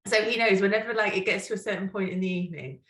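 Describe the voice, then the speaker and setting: A woman's voice: mid-range voice, racing, a bit bright. Mancunian woman in an echoey room. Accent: Manchester. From Manchester, England. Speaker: podcast co-host. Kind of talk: casual chat.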